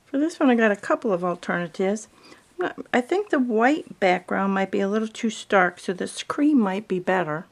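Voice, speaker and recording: Gravelly-voiced woman explaining quilt fabrics. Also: mid-range voice, moderate pace. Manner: calm, explanatory, talks through fabric choices. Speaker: quilting instructor. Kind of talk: video tutorial narration.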